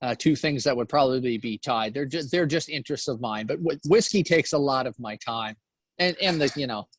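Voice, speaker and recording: A middle-aged man from New Brunswick, Canada, talking as an interview guest, halting, with many fillers and restarts. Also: medium pitch, slightly rough, dry recording. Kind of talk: casual interview chat.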